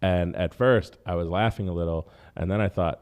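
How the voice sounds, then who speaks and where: Gravelly low-voiced man rambling on a podcast. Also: normal speed, darkish tone. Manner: loose, profane and tangent-prone. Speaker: podcast host. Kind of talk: rambling comedic monologue.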